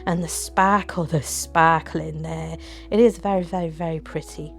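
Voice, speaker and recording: A woman with an excitable, gushing manner, chatting casually through a resin craft tutorial at home. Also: medium pitch.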